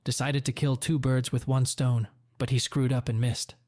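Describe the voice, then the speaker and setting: A man voicing an angry middle-aged father, blunt and determined, giving forceful retorts in a dry, close read. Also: mid-range voice, level tone, moderate pace, no room sound, lightly acted.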